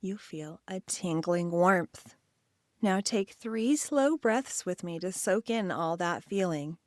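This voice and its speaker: A woman hosting and narrating an imaginative guided story and quiz for children, speaking in an expressive second-person voice. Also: on the low side, takes it slowly, dry recording, clean studio sound. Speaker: children's show host and narrator.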